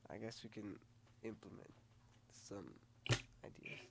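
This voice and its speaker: A man's voice: lowish voice, steady tone, measured pace, creaky, heavy background noise. A man hosting a casual podcast in a laid-back, offhand way, asking questions with many fillers. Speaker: podcast host. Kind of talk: casual interview.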